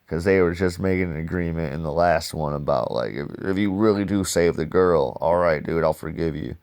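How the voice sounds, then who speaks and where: A man casually reviewing comic books in a loose, slangy, excitable way. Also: low voice, a little fast.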